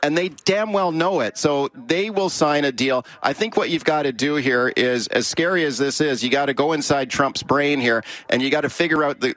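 A man's voice: fairly high pitch, a bit bright. A man from Canada hosting a political panel, talking in an emphatic, plainspoken way. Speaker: panel show host. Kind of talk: casual political panel talk.

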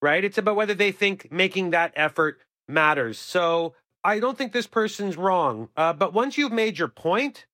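A man's voice: high voice, animated, normal speed, few pauses, bright, forceful tone, no echo, clean studio sound. A man co-hosting a radio show, giving advice in an earnest, emphatic, opinionated way. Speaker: radio co-host.

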